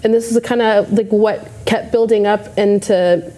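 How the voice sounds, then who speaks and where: Mellow-voiced woman telling a story. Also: medium pitch, moderate pace. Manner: animated, acts out her own past thoughts. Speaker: bodybuilding competitor. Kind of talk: casual storytelling.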